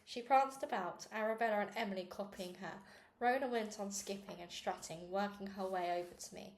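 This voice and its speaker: A woman reading a children's novel aloud, with small slips and restarts, raising her pitch for the girls' quoted lines. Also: brisk. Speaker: reader. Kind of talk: read-aloud book narration. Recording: echoey room with faint noise.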